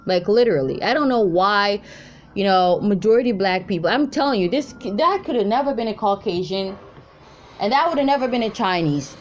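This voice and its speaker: A woman's voice: medium pitch, lively intonation, brisk, muffled recording, a little hiss or hum. A woman, talking to her viewers in a profane, rambling, exasperated rant. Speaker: intuitive reader vlogger. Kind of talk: casual ranting commentary.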